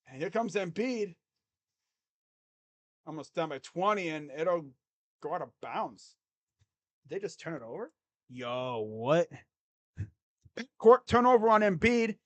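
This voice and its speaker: A man giving casual live play-by-play reaction to a basketball game, jumping between loud excited calls and low muttered grumbling as a rambling fan. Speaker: sports YouTuber doing live play-by-play.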